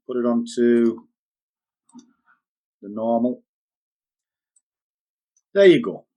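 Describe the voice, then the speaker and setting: A man's voice: mid-range voice, darkish tone. An older man, a trading educator who talks bluntly and rambles in a casual, opinionated way before walking through a chart on screen. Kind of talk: casual rambling talk, then screen walkthrough.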